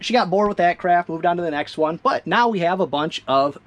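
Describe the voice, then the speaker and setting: A man's voice: high voice, animated, fairly quick, a bit bright, highs cut off. A man who resells online, chatting casually in a rambling, self-amused way while he packs orders for shipping. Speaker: eBay reseller. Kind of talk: casual vlog narration while packing orders.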